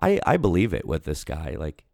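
His pitch is extremely low yet swoops wildly, delivered at normal speed with vocal fry and a darkish tone. As a podcast co-host in casual chat, he rambles with plenty of fillers and restarts, on a dry, studio-quality recording.

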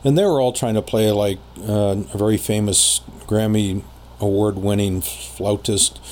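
Rambling low-voiced man telling a story. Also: steady tone, darkish tone, a little hiss or hum. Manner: rambling, many filler pauses. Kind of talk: casual storytelling conversation.

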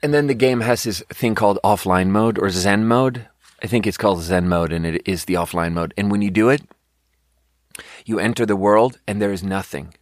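A young adult man hosting a podcast rants casually in a lowish voice at normal speed. He sounds exasperated and swears a lot, rambling with plenty of fillers. The recording is dry and clean, like a studio.

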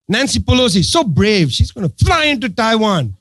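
A man's voice: high voice, very animated, moderate pace, a bit bright, slightly rough, no room sound. A man giving an impassioned political talk to an audience, sarcastic and emphatic, driving his points home through repetition. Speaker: political speaker addressing an audience.

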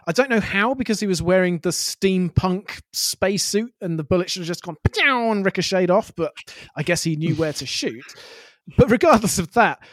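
Man, high pitch, animated, acts out quotes, dry close mic. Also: brisk, no room sound. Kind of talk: casual chat.

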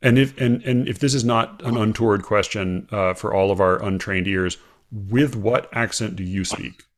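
An American man hosting a casual chat, talking haltingly with many fillers and restarts. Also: on the low side. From United States.

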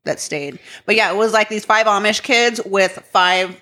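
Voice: mid-range voice, normal speed, pushed and bright. A podcast co-host in casual chat who rambles and fills sentences with "like". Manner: rambling, lots of "like".

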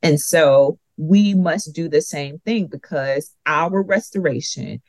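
A woman's voice: low voice, takes it slowly, darkish tone, dry recording, rough recording. A woman co-teaching a Bible study lesson, speaking earnestly and stressing and repeating her key points.

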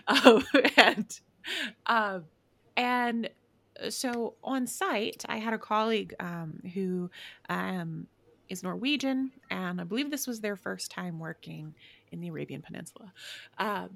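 A young woman guest on a podcast, telling a field story in a rambling, casual way with lots of fillers, dropping to a hush when quoting others. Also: medium pitch, slow, vocal fry.

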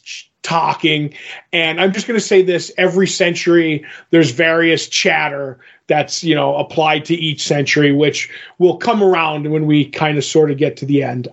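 Man, slightly high voice, rambling casual retelling, dull lo-fi sound. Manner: rambling, acts out quoted lines. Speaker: podcast co-host. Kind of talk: casual chat, retelling a comic book. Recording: dull lo-fi recording.

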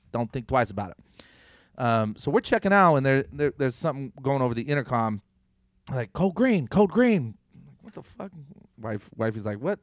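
A young man spins a rambling, profane story on a casual podcast, jumping into different voices when he quotes his own thoughts. His voice is medium in pitch. The sound is dry and close. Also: dry recording. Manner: animated storyteller, swears freely, acts out quoted thoughts. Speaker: podcast co-host.

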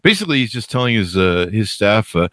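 Lively, jokey male podcast host. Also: lowish voice, fairly quick, dry recording, clean studio sound. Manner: jokey and rambling, with many fillers. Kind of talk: casual interview chat.

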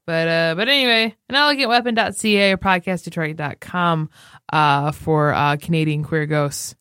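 A woman with a Midwestern American accent chats loosely on a podcast and jumps from one tangent to the next. Her voice sits at a middle pitch, and the recording is close and dry. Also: normal speed, a bit bright, smooth, no room sound. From Michigan. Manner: rambling, jokey, loses her train of thought. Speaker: podcast co-host. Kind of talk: casual chat.

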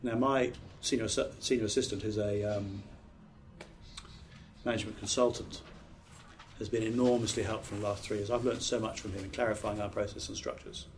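A man's voice: on the low side, steady tone, a little fast, slight background noise. A middle-aged British man, a pastor, giving a training talk on preaching in an earnest, emphatic, conversational way with restarts. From Britain.

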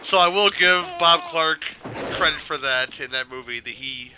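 A man's voice: on the high side, normal speed, noisy background. A man chatting casually on a movie commentary podcast, opinionated and profane, often stammering into restarts. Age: adult, older than childhood viewing years. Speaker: podcast host.

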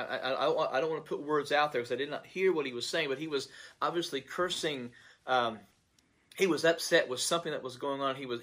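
A man's voice: medium pitch, fairly bright tone. A man in a medium register tells of a dream without a script. He speaks earnestly, as a pastor would, and stumbles and repeats words while he searches for the right ones. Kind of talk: recounting a dream, unscripted monologue.

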